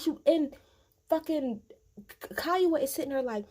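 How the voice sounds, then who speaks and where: A woman's voice: high voice, fairly quick. A woman hosting a casual reaction video, recapping a reunion show bluntly and acting out what people said. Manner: animated, blunt, swears freely, acts out quotes.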